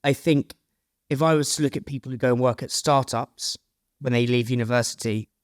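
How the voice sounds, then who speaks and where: A man's voice: mid-range voice, fairly even intonation, fairly quick, dry recording, studio quality. A man hosting a podcast interview, talking in a rambling, self-deprecating, casual way with the odd swear. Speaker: podcast host.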